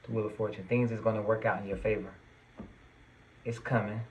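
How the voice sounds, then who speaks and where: A man's voice: on the low side, flat delivery, fairly quick, slight background noise, rough recording. A man giving a tarot reading to his viewers, earnest and reassuring, at times getting worked up and emphatic. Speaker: tarot reader.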